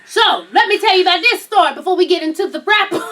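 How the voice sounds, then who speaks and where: High bright woman, loud cussing storyteller, kinda far from the mic. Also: fairly quick. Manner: loud, profane, laughing storyteller. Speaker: vlog host. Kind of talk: casual storytelling chat.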